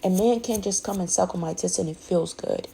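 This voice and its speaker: A woman's voice: on the low side, a little fast, creaky, dark tone, a little hiss or hum, poor audio. A woman speaking candidly in a rambling, emphatic way, often restarting her sentences. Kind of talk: candid personal monologue.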